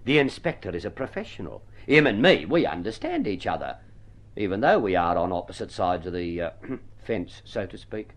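A man's voice: deep voice, very animated, normal speed, full character voice. A shifty small-time informer rambles in a vintage radio play. His voice leaps all over the place and his talk stays colloquial and wheedling. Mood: sheepish. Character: shifty, talkative male small-time informer, middle-aged. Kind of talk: vintage radio drama acting.

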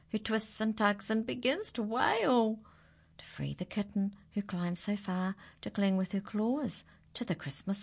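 Slow, dramatic woman reading a storybook. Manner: dramatic, swinging between hushed whispers and high exclamations. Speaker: children's story reader. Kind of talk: reading a rhyming picture book aloud.

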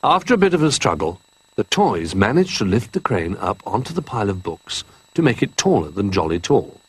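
A man reading a children's picture-book story aloud in an expressive, animated way. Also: lowish voice, fairly quick, slightly rough, no echo.

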